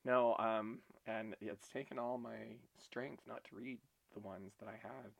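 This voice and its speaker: A man's voice: lowish voice, a little slow, gravelly, no room sound. A man co-hosting a casual chat show, telling stories animatedly and laughing often. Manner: giggly, animated storyteller. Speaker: podcast co-host.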